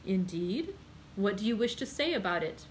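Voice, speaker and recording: A woman's voice: mid-range voice, big pitch swings, normal speed, a little hiss or hum, close to an everyday voice, poor audio. A woman reading the part of a friendly male journalist who speaks mildly and courteously in a storybook reading. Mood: calm. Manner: mild, courteous, reasoning.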